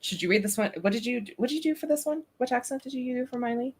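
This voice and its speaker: A woman's voice: fairly high pitch, very fast, a little mellow, husky. A woman in casual chat who laughs easily and reads aloud in a playful way. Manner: giggly, playful. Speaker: co-host.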